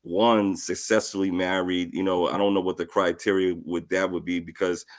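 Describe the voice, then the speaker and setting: A man hosting an interview, asking questions in a measured, slightly hesitant way. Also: sits low, flat delivery. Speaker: interview host.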